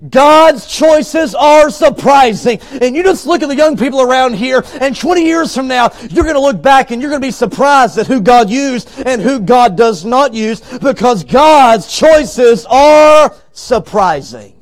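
High-voiced preacher, shouting and hushing. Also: male voice, brisk, few pauses. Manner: swings from loud shouting to hushed low tones; acts out the story characters in voices. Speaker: evangelist. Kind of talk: revival sermon. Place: church sanctuary.

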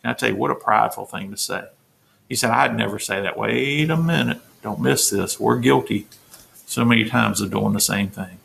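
A man's voice: on the low side, moderate pace, vocal fry, a bit bright, a little hiss or hum. A man, a pastor, teaching a Bible study sermon in an earnest, emphatic way, restating his points to the listeners.

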